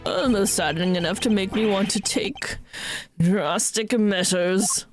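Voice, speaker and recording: A woman's voice: medium pitch, measured pace, natural voice. A woman voicing a smug, scheming older man who mocks and taunts in a theatrical way. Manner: oily, mocking, theatrical. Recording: stream with game music behind.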